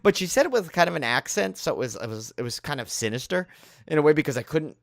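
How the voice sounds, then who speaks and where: With a fairly high, gravelly voice and a fast delivery, a male podcast co-host spins a story during casual chat, performing the voices of the people in it. There's no room sound on the recording.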